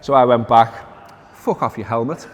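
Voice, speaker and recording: A man's voice: medium pitch, moderate pace, long reverb tail. A man hosting a casual football chat, telling stories wryly, with lots of fillers. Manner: wry storytelling, reads out quotes, many fillers. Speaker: podcast host.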